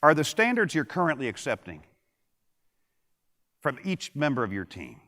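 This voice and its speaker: Give me a motivational keynote from a middle-aged man, punchy and quick with a joke, recorded with long hall reverb. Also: a little high, wildly swooping pitch, sharp tone. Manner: punchy, joking, fires rhetorical questions at the audience. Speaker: keynote speaker. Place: large conference hall with audience.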